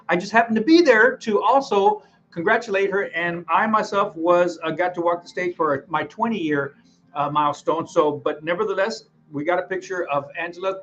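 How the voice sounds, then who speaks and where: A man's voice: high voice, a bit bright, dull audio. A middle-aged man, leading a department huddle in a folksy, upbeat, rambling way, often correcting himself. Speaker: radiology department manager. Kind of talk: team huddle announcements.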